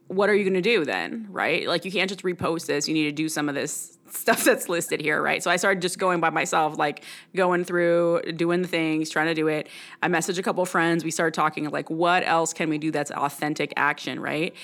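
A woman's voice: sits low, moderate pace. A woman in casual conversation, thoughtful and affirming, often saying yep and mm-hmm. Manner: thoughtful, agreeing, steady back-channel.

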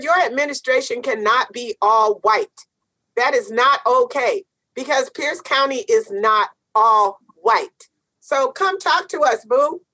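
A high, bright-voiced woman co-hosting a casual talk show. She talks with a sassy, emphatic edge and hammers her points home by repeating phrases. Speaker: co-host. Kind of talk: casual chat.

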